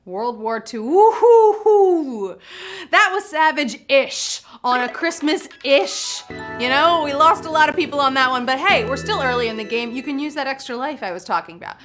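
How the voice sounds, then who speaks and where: A woman's voice: high voice, animated, normal speed, bright, forceful tone, faint music behind. A woman hosting a live trivia game, chatty and bubbly, laughing often. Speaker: trivia game show host.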